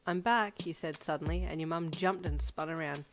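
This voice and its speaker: A woman narrating a fan fiction audiobook in an even, steady storytelling voice. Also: deep voice, brisk. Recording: music playing underneath. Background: background music.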